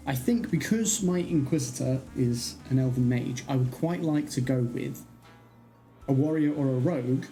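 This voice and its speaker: A streamer chatting casually on a livestream, rambling and thinking out loud. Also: mid-range voice, rough recording.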